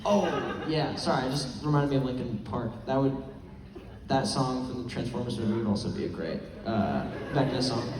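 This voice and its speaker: A young man, an actor on a convention panel, telling rambling, animated stories full of "like". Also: mid-range voice, normal speed. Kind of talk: casual panel storytelling. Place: large convention hall. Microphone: audience camera far from stage. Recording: echoey hall, distant mic, background noise.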